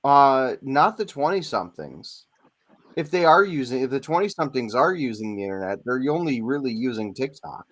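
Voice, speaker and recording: A man's voice: medium pitch, very animated, moderate pace. A man in his forties co-hosting a casual chat, rambling and hesitant, with many fillers. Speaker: podcast co-host.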